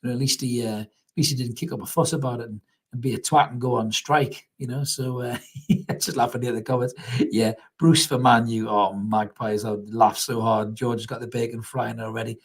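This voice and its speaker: A man's voice: mid-range voice, steady tone, fairly quick, slightly rough. A young man hosts a live football reaction stream, chatting casually, laughing often and reading out viewer comments. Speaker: fan channel host.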